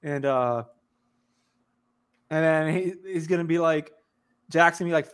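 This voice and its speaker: A man's voice: fairly high pitch, normal speed, long pauses, fairly bright tone, smooth. A man co-hosting a podcast in casual chat, blunt and teasing, swearing freely. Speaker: podcast co-host.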